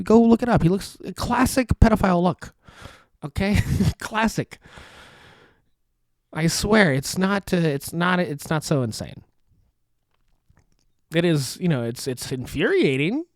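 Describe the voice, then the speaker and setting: Sitting at a foldable table in his studio apartment, a young podcast host delivers casual ranting commentary full of sarcasm, swearing, frequent laughter and trailing sentences. His voice is high-pitched and there's no room sound.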